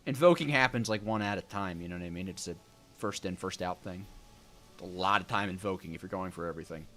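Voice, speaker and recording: A man's voice: deep voice, fast, pushed and bright, faint music behind. A young man casually chatting and joking with viewers while streaming a video game, rambling between tasks. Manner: joking, rambling, answers chat. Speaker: gaming streamer. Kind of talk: casual let's-play chat with viewers.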